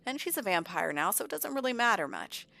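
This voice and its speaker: A woman voicing a smarmy male vampire clan rival, falsely friendly and smooth-talking. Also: medium pitch, sing-song, fairly quick, sharp tone, voice pushed up, heavily acted. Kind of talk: voicing game characters.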